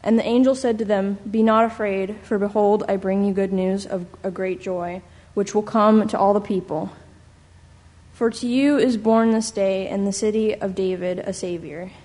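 A woman reading a Bible passage aloud in a measured, solemn way. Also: mid-range voice, darkish tone. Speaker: scripture reader. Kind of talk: scripture reading.

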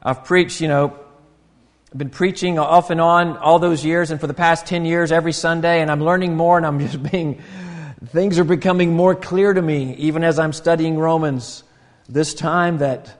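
A man's voice: a little high, big-room sound. A man, preaching a sermon in an earnest, conversational way with frequent restarts. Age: 50s. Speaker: pastor.

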